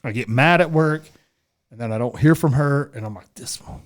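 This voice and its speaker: A man's voice: mid-range voice, fairly quick. A man co-hosting a casual faith podcast, talking frankly and acting out little quoted exchanges with laughter. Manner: animated, acts out quotes with laughter. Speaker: podcast co-host.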